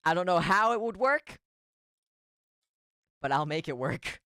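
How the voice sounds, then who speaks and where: A man's voice: high voice, expressive, unhurried, sharp tone, clean tone, no room sound, studio quality. A man streaming as a VTuber in casual chat, rambling and giggly with self-deprecating asides.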